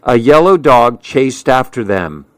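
Slow, measured male storyteller. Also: mid-range voice, very animated, no echo. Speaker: narrator. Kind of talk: audiobook narration.

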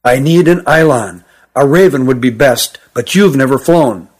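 A man voicing a sturdy young man who is frightened and secretive, speaking in a hushed, urgent, pleading way. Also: medium pitch, lively intonation, moderate pace, lightly acted. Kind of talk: audiobook character voice.

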